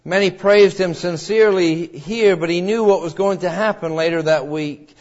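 A high-pitched man preaches with strong feeling. He rises to loud cries, then drops to hushed, low lines. The recording sounds dull and lo-fi. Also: moderate pace. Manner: emotional, swings between loud cries and hushed low tones; acts out quoted voices in the story. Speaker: pastor. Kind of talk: sermon.

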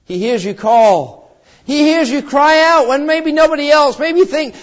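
A man's voice: very high-pitched, expressive, measured pace. A man preaching a sermon, retelling a Bible story in an earnest way and swelling with fervor as he appeals to the listener. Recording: dull lo-fi recording.

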